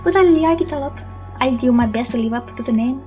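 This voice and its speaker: A woman's voice: sits high, brisk, music in the background, voice pushed up, close to an everyday voice. A woman voicing an earnest, polite young female witch, the player character in a game.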